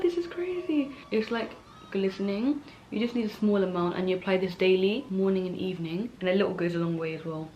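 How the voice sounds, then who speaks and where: A young woman talking as a beauty vlogger in a casual chat from home, gushing and excitable. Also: lowish voice.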